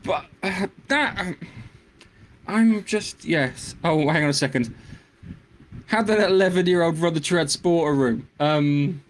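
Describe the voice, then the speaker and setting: A podcast co-host with a voice on the high side rants at a measured pace in casual chat, stammering and restarting. Faint background noise is present.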